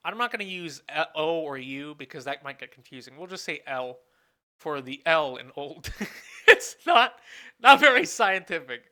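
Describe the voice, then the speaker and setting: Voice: mid-range voice, very animated, normal speed, pushed and bright. A professor giving a recorded lecture, thinking aloud, asking questions and answering them, and often correcting themself mid-sentence. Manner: asks the class questions and then answers them.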